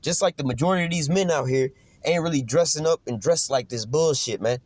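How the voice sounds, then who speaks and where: A man's voice: a little high, a little fast, dry recording. A man ranting casually in slang and profanity, rambling loosely and tagging his points with "man" and "you know what I'm saying.". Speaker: commentator.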